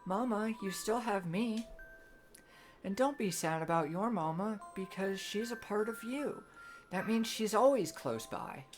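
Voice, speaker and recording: A woman voicing a small, childlike star creature that chants in a high, repetitive voice. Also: sing-song, measured pace, over music. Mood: comforting.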